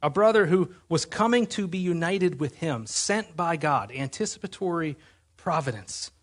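A man's voice: a little high, lively intonation, moderate pace. A man preaching a sermon as pastor, earnest and emphatic, asking his listeners rhetorical questions.

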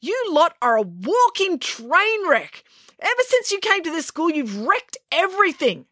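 A woman voicing an enraged male schoolteacher in an audiobook, shouting and indignant. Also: very high-pitched, big pitch swings, unhurried, dry recording, studio quality, pitched above the performer's own voice, full character voice. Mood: furious. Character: furious male school bus driver teacher.

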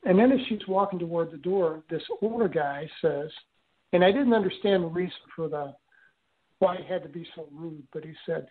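An older man telling a personal story in an interview, speaking haltingly with frequent restarts and fillers. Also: a little high. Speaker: guest recounting an experience. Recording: tinny phone-line audio.

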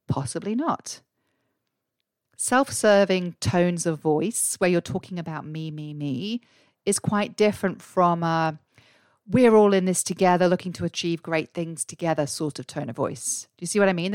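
A woman's voice: low voice, no room sound. A woman hosting a podcast and coaching her listeners, earnest and full of rhetorical questions. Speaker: podcast host and career coach. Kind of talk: solo podcast advice talk.

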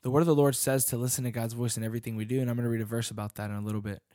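A man's voice: mid-range voice, level tone, rapid-fire, warm tone, no echo, studio quality. A young man giving an earnest sermon as a youth pastor and worship leader, often restarting his sentences as he searches for words.

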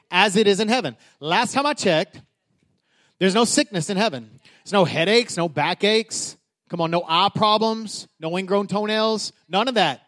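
A man preaching a sermon with passion, repeating himself, rising from quiet talk to loud declarations. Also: high-pitched. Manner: passionate, building to loud declarations with frequent restarts. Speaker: pastor.

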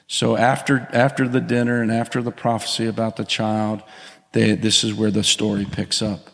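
A man preaching a sermon in a church, animated, calling out to the congregation as he tells a story. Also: on the low side, normal speed, vocal fry. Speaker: pastor. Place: church sanctuary. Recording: long hall reverb.

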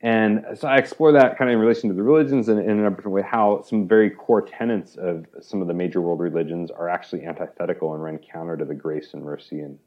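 Lowish-voiced man telling a story with animation. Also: quick pace, few pauses, lo-fi sound. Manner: animated storyteller, acts out quoted speech, many "like"s. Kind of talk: conversational interview explaining a parable.

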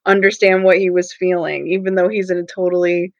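A woman's voice: lowish voice, little pitch movement, fairly quick, no room sound. A woman chats eagerly on a podcast, laughing often and filling her sentences with "like". Her voice sounds dry and close. The recording is a little muffled and lo-fi. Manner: enthusiastic, laughs a lot, uses many "like"s. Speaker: podcast co-host. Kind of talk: casual chat.

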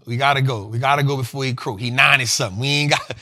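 A man's voice: medium pitch, fairly even intonation, rapid-fire, sharp tone. A man hosting a livestream about stocks, talking in loose slang and repeating himself as he urges viewers on. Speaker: host. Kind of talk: livestream finance talk.

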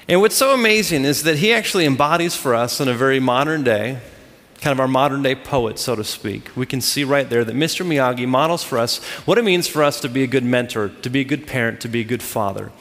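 A man's voice: medium pitch, fairly bright tone, in a large hall. A man preaching a sermon to a congregation, driving his points home with emphatic repeated phrases. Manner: emphatic, repetitive preaching cadence. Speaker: pastor.

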